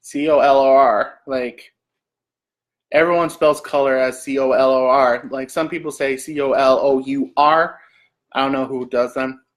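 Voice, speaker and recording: A man's voice: mid-range voice, fairly even intonation, moderate pace. A man from Canada hosting a casual live stream, reading search questions aloud and joking back answers. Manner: reads questions aloud then jokes back. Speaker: livestream host.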